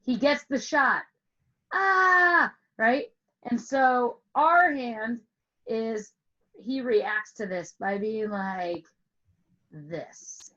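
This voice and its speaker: Over an online call with screen share, a woman music teacher tells a playful story to explain a lesson, asking questions and stretching out words for emphasis. Her voice is a little high and fairly bright, she speaks extremely slowly, and the sound is lo-fi.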